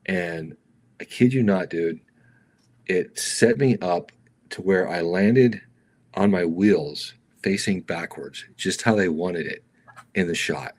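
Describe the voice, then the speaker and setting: Deep-voiced stuntman telling wild stories. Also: slow. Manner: animated storyteller, acts out others in raised voices, slangy "dude". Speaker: stuntman guest. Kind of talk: casual storytelling interview.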